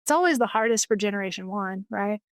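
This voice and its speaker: A woman's voice: medium pitch, animated, fast, no echo. A woman in her forties, a guest in an interview, telling personal stories in an earnest, enthusiastic way and often restarting her sentences. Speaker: interview guest, financial educator.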